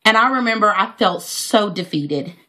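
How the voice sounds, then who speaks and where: A woman's voice: medium pitch, animated, moderate pace, bright, forceful tone. A woman, telling a heartfelt personal story to her viewers with many fillers and praise for God. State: near tears. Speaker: vlogger.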